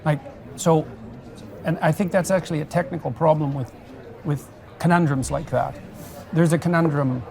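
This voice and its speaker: A man in a public discussion who lays out thought experiments in a deliberate, measured way. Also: on the high side, steady tone, creaky, darkish tone, soft background music. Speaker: guest on a public talk.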